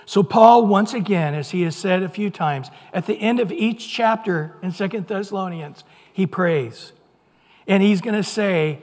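A man's voice: sits high, unhurried, a little mellow. A middle-aged man preaching a sermon as pastor, earnest and conversational, sometimes putting on playful voices. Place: church sanctuary. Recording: long hall reverb.

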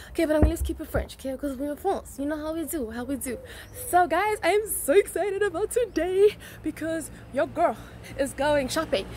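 A woman's voice: high-pitched, noisy background. A young adult woman vlogging to camera in a chatty, bubbly, slangy way. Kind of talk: casual vlog to camera.

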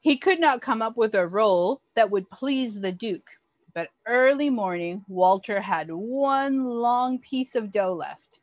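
A woman reads a children's picture book aloud at a slow, careful pace, her pitch rising and falling with lively expression. The sound is dry and close, with no room echo. She tells the story in an animated, expressive way for young listeners. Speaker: early childhood educator.

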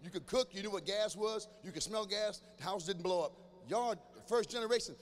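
A middle-aged man performing stand-up comedy at a live show in a large church venue, talking straight to the crowd in an animated way and now and then breaking into shouts. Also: high voice, fairly quick, few pauses, a little hiss or hum. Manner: animated, addresses the audience directly, breaks into shouts. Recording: echoey hall with faint ambience.

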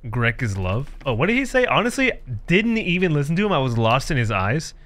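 A man's voice: a little high, big pitch swings, fairly quick, fairly bright tone. A man doing comedic commentary while playing a horror game, joking, sarcastic, laughing often and reading the game's text aloud. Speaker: gaming streamer.

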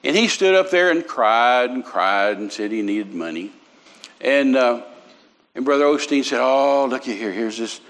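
A man's voice: mid-range voice, lively intonation, a little slow, a bit bright. An older man, preaching a sermon through folksy, humorous stories with many restarts. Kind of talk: storytelling sermon.

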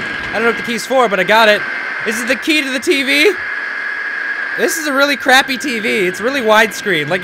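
Young guy gamer narrating a scary game, high voice that bounces all over, yells when spooked. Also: background noise. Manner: jumpy, shouting and screaming when startled. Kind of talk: let's play commentary.

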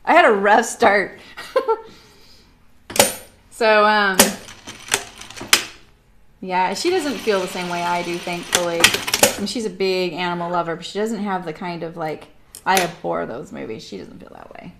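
A woman's voice: fairly low pitch, measured pace, pauses often, heavy background noise. A woman in her forties from Southern California, hosting a sewing livestream and telling rambling stories with lots of fillers. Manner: chatty, rambling storyteller with frequent fillers and laughs. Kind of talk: casual chat while sewing. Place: home sewing room.

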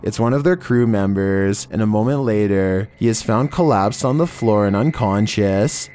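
A man narrating a scripted horror video countdown in a measured, ominous way, drawing out each entry title. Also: lowish voice, music in the background. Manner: measured, ominous delivery with slowed, drawn-out titles.

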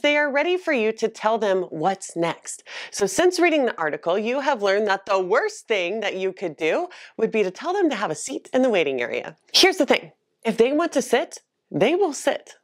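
A woman coaching optical staff in an instructional video, animated and expressive, acting out example lines to a patient. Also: mid-range voice.

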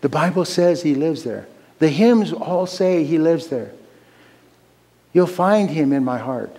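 A man voicing a gentle, faith-filled little boy who speaks quietly and earnestly in a sermon story. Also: fairly high pitch, expressive, a little slow. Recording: long reverb of a large hall.

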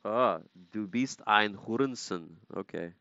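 Slow, low-voiced male gamer streaming. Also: bright, forceful tone, no echo, lo-fi sound. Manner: playful, repeating foreign words to practice. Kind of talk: casual gaming live-stream chat.

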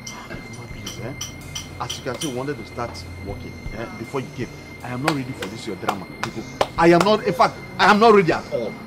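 A man's voice: mid-range voice, lively intonation, quick pace, lightly acted. An actor with a Nigerian accent playing a married man who scolds a woman bringing him food. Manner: exasperated, scolding. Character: married working man rebuffing an admirer. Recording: film scene with background music.

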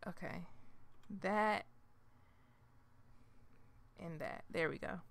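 A young woman giving gameplay commentary as a channel host, chatty and excitable, talking to the game characters and dropping into whispered asides. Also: medium pitch, takes it slowly, long pauses.

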